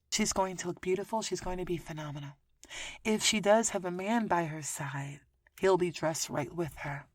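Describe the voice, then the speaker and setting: A woman's voice: fairly low pitch, no room sound. Woman podcaster telling a story, laughs a lot, swears, dry close mic. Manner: animated, profane, laughs often, swings loud and soft. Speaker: podcast host. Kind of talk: casual storytelling monologue.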